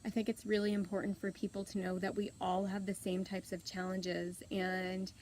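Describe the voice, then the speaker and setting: A woman in her thirties, hosting, telling a personal story in an open, earnest, unhurried way with soft pauses. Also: medium pitch, level tone, slight background noise, rough recording. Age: 30s. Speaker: host.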